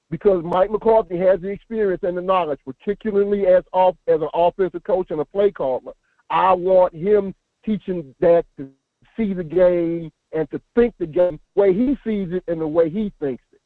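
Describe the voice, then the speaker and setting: A man's voice: high-pitched, no room sound. A man calling into a live show, talking in a rambling, emphatic way and repeating his words. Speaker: caller. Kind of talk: casual call-in chat. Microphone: phone. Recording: tinny phone line.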